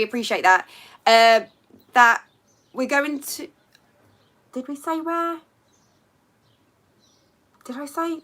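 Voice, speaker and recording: A woman's voice: high-pitched, sharp tone. A woman hosting a casual live stream from home by a window, chatting to viewers in a rambling way and reading out their comments.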